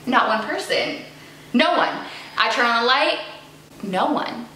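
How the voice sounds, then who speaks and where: A young woman telling a story in a casual vlog, animated and dramatic, full of fillers. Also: a little high, measured pace. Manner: animated, dramatic retelling with lots of "like". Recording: echoey room with faint noise.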